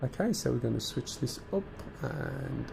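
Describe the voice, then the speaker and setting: His mid-range voice is expressive and creaky, moving at a moderate pace over a noisy background. He's a Black Country man from the English Midlands, streaming casually and bantering with chat while explaining each cockpit start-up step.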